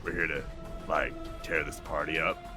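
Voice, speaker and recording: A man voicing a laid-back male talking cat, halting and stammering as he talks. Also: very deep voice, little pitch movement, over music. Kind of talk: murder mystery role-play.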